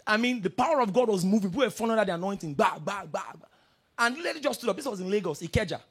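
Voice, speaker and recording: A male pastor preaching a sermon, telling stories with energy and swinging between soft asides and loud declarations. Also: high-pitched, expressive, rapid-fire, husky.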